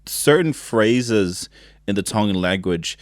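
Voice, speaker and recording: A man's voice: fairly low pitch, expressive, takes it slowly, no room sound, studio quality. A man hosting a podcast in a casual, joking chat, drinking beer as he talks. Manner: laid-back, joking, drinking beer while talking. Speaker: podcast host.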